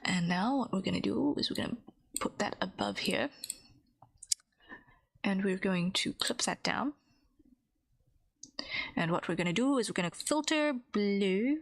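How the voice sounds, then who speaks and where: A woman's voice: mid-range voice, expressive, measured pace, creaky, pauses often, no room sound. A woman streamer talking casually while she draws, thinking aloud and answering chat questions. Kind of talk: casual narration while drawing.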